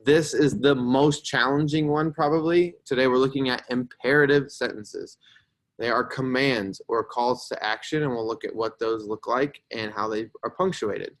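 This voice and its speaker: A man's voice: medium pitch, normal speed. A young man teaching a grammar lesson to a class, explaining patiently and checking in with "right?" as he goes.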